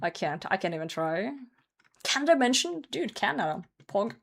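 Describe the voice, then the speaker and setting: A woman's voice: mid-range voice, big pitch swings, moderate pace, creaky. A young woman streamer chatting casually with her chat while gaming, laughing often and swearing now and then. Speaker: live streamer.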